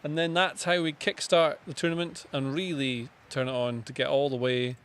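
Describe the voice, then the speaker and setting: A man co-hosting a live football watchalong, cracking dry, deadpan jokes in casual banter. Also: mid-range voice, moderate pace. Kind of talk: casual banter over a match stream.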